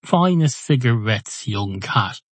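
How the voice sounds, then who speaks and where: A man's voice: mid-range voice, animated, slow, dry recording. A man voicing a polite, obliging middle-aged barman. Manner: polite and accommodating.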